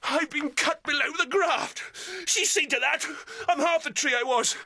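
A man playing a jealous, unhinged army captain and father, swinging between mocking laughter, despair and shouting. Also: extremely high pitch, normal speed, dry recording, exaggerated voice. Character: bitter, unhinged military father, jealous and raging. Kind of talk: stage drama acting.

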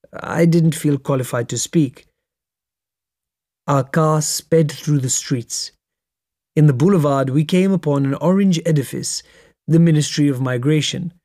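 A man reading a memoir aloud in a measured, steady storytelling manner. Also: mid-range voice, no room sound, studio quality. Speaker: narrator. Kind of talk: memoir audiobook narration.

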